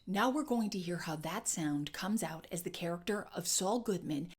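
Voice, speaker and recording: A woman's voice: lowish voice, expressive, normal speed, slightly rough. Woman, dialect coach, accent lesson, demonstrative, repeats sounds.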